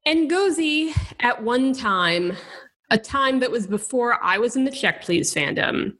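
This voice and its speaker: Woman podcast co-host, steady chatty recap. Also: fairly high pitch, slow. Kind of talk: casual podcast chat recapping a webcomic.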